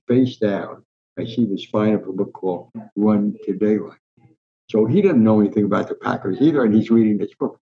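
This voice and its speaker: An elderly man in his nineties, originally from New Jersey, spins long, meandering anecdotes as an interview guest. He often stops and restarts his sentences. His voice sits fairly low and comes through a dull, muffled, lo-fi recording. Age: 90s. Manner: rambling, vivid storyteller with frequent restarts. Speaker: guest, veteran sports columnist. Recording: dull lo-fi sound.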